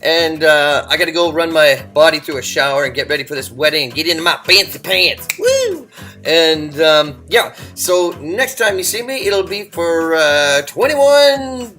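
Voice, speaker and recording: A man's voice: on the high side, moderate pace, few pauses, sharp tone, faint music behind. A man signing off his video blog in a loose, playful, casual way. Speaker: vlogger. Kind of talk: casual vlog sign-off.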